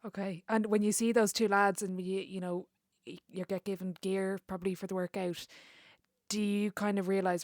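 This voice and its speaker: A woman's voice: mid-range voice, level tone, moderate pace, a little mellow, no room sound, studio quality. A woman hosting a podcast interview, asking questions in a friendly, chatty way. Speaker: podcast host.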